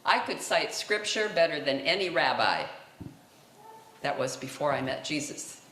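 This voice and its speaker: A man's voice: a little high, expressive, a little slow, pushed and bright. A man performing a dramatic monologue as Mary Magdalene, a passionate woman telling her own story with rhetorical questions, at a seminary talent show. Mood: earnest. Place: seminary event room. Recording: roomy echo, faint noise.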